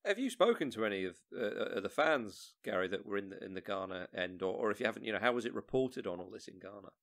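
Fast-talking podcast host, man. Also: on the low side, expressive, fairly bright tone. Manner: jokey, asks follow-up questions. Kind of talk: casual podcast chat.

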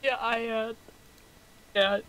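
A young woman chatting while playing a game with friends, giggly and quick to call herself dumb. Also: fairly high pitch, fairly even intonation, fairly bright tone, a little hiss or hum, rough recording. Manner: giggly and self-deprecating. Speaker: fellow player. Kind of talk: casual chat while gaming.

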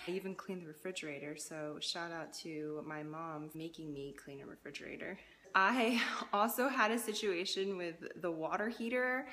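A woman's voice: lowish voice, a bit bright. A young woman chatting casually in her vlog, full of "like" fillers and playful asides. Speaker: vlogger. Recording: noisy background ambience.

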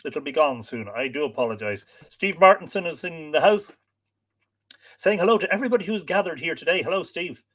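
A man's voice: fairly high pitch, expressive, brisk, fairly bright tone, slightly rough. A man with an Irish accent hosting a livestream, chatting casually and greeting viewers by name, sometimes stumbling over their names. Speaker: livestream host.

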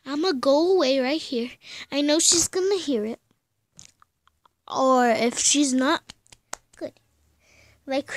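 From her bedroom at home, a young woman commentates on a horror game, pleading and often dropping into a scared whisper. Her voice is high-pitched, with no room sound.

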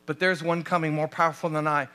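The speaker is an animated American pastor, a man, questioning his congregation rhetorically as he preaches. He talks at a quick pace with a pitch on the high side.

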